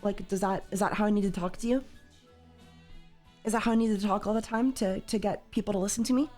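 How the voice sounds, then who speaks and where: A woman hosting a casual livestream chat, loud and sweary, with a slightly tired voice. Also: medium pitch, fairly even intonation, fast, faint music behind. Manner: loud, swears freely, jumps into yelling. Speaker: livestream host.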